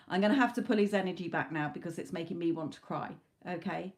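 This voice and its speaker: A woman's voice: fairly low pitch, fast talker, hardly any pauses. Woman, tarot reader, live reading, earnest, relays spirit messages, frequent okay checks.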